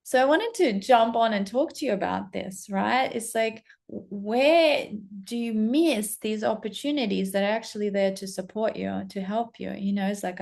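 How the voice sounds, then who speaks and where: A young adult woman, a spiritual coach, telling a personal story to camera in a lively, casual way and acting out the other people's lines. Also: mid-range voice, moderate pace, gravelly, few pauses. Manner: animated, acts out quoted voices, casual swearing.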